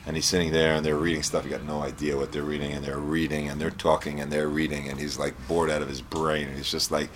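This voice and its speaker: A man giving a storytelling Torah lesson, reading Hebrew lines and explaining them in English, with lively character voices. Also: rumbling low, fast talker, few pauses, background noise.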